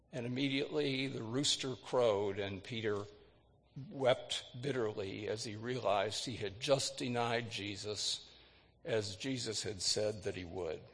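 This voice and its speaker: A man preaching a sermon, retelling scripture with dramatic readings, lifting his voice for quoted words and dropping it low for solemn moments. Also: fairly bright tone, big-room sound. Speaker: pastor.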